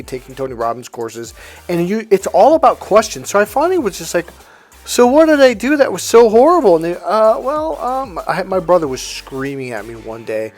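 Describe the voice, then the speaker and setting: A middle-aged man talking bluntly and with profanity to camera as a self-help coach, acting out what family members said. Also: fairly high pitch. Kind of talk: casual monologue to camera.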